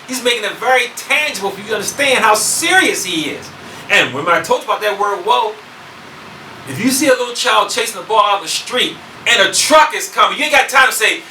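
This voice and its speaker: A man preaching a sermon, emphatic and repetitive, building to shouts. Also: high-pitched, expressive, brisk, echoey room, recorded from a distance, slight background noise, poor audio.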